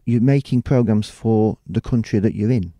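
The speaker is a TV presenter and producer, a middle-aged man from the United Kingdom, whose warm, lowish voice moves at a moderate pace. Talking casually in an interview, he rambles, restarts a lot, and leans on "you know," all in a dry studio recording.

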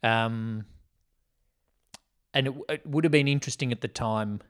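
On a relaxed movie-review podcast, this male co-host thinks aloud and wanders, dropping lots of ums. He speaks at a normal pace in a mid-range, slightly bright voice.

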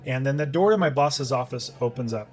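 A man's voice: mid-range voice, lively intonation, brisk, soft background music. A middle-aged man, a podcast guest, telling a personal story in conversation and acting out his own past thoughts.

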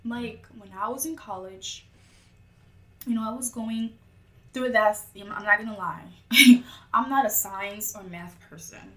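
A woman's voice: medium pitch, unhurried, fairly bright tone. A woman in casual conversation, telling a personal story with lots of filler words. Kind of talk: casual chat. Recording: echoey room with faint music.

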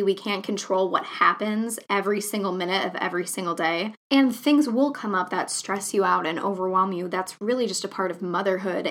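A woman's voice: medium pitch, fairly bright tone. Earnest chatty woman podcaster. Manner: earnest, chatty, lots of fillers like "you know". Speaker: podcast host. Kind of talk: casual solo podcast talk.

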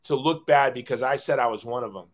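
A man's voice: medium pitch, quick pace. A man in his forties, a guest telling his life story in a casual, self-deprecating way, often acting out quoted dialogue.

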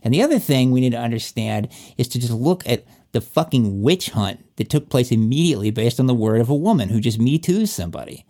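A man's voice: medium pitch, animated, fairly quick, hardly any pauses, mellow. A man talking in a casual, opinionated chat, emphatic and cursing often as he acts out quoted voices.

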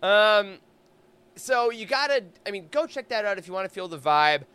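A man's voice: sits high, expressive, bright, forceful tone, clear, resonant tone. A man co-hosting a podcast, recapping a fan convention in an enthusiastic, gushing casual chat. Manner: enthusiastic, gushing, quick asides. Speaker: podcast co-host.

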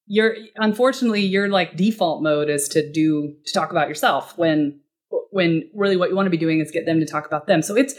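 A woman speaking as a guest expert in a podcast interview, casual and animated, often acting out short quoted exchanges. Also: on the low side, fairly quick. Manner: animated, acts out client dialogue in quoted voices; casual, uses fillers like "like" and "you know".

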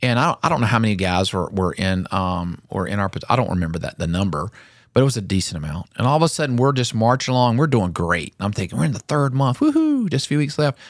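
A middle-aged man co-hosting a casual talk show, telling stories with animated energy and acting out voices. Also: lowish voice, fast talker, dry recording, clean studio sound. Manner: animated storyteller, acts out drill instructors. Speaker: podcast co-host. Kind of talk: casual chat.

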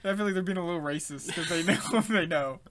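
A co-host in casual chat, excitable and swearing, chiming in with laughs and short reactions. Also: medium pitch, fast talker, a little hiss or hum. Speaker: podcast co-host.

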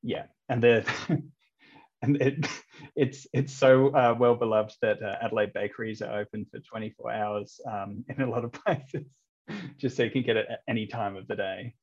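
Chuckling English-born comedian, dull sound. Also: male voice, lowish voice, steady tone, moderate pace, darkish tone. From England. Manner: rambling, lots of ums and chuckles. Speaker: comedian and street performer, guest. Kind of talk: casual podcast chat.

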